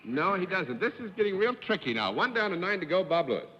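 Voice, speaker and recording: Man, quiz show host, jovial, brisk, animated, fairly high, old broadcast sound, echoey hall. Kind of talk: live TV game show hosting. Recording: lo-fi 1950s TV broadcast with hall reverb and hiss.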